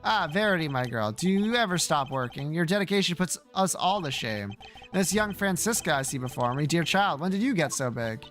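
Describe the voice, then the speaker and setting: A sentimental old chairman who dotes on the young and sobs theatrically, voiced by a man. The voice sits high, with faint music in the background. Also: expressive, brisk, fairly bright tone. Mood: doting. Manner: theatrical, mock sobbing.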